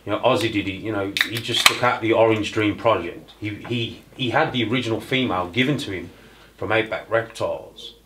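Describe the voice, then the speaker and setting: A man's voice: on the low side, fairly quick, very noisy. A man moderating a casual round-table talk, easygoing and encouraging, passing the turn to others.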